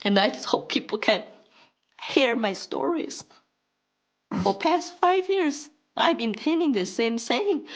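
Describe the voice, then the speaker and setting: A woman in a clip, speaking in an emotional, earnest, pleading way with a breathy voice. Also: fairly high pitch, big pitch swings, takes it slowly.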